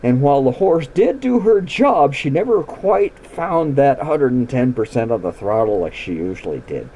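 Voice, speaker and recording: A man's voice: medium pitch, big pitch swings, moderate pace, dark tone, a little hiss or hum, low-quality recording. A man hosting a show, telling a ranch story in a casual, folksy, plain-spoken way. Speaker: storytelling host.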